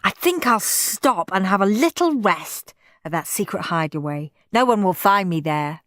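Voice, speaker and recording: A woman's voice: medium pitch, lively intonation, moderate pace, fairly bright tone, dry recording, close to an everyday voice. A woman voicing a bratty, scheming schoolboy who talks fiercely and cheekily. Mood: defiant.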